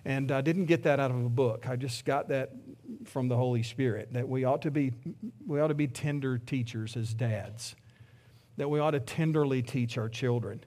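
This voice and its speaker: A man's voice: medium pitch, normal speed, dark tone. A middle-aged man preaching a sermon as pastor, earnest and heartfelt, often restarting his sentences.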